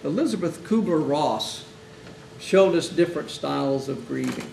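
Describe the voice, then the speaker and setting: A man's voice: on the high side, lively intonation, normal speed, creaky, a little mellow. A man teaching hospital chaplains in a conversational lecture, often acting out exchanges with grieving families. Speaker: chaplain instructor. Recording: echoey room, mic far off, faint hiss.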